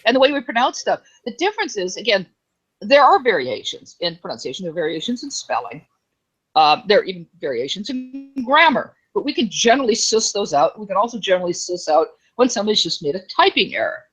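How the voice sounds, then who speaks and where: Woman, chatty co-host, casual panel talk, mid-pitched voice. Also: big pitch swings, fairly bright tone, slightly rough, poor audio. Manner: chatty, rambling, quick to laugh. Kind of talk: casual group chat.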